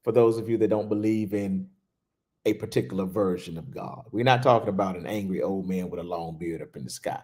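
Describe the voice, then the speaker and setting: A man preaching a sermon as a bishop, animated and laughing, repeating key phrases for emphasis. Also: low-pitched, brisk. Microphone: livestream.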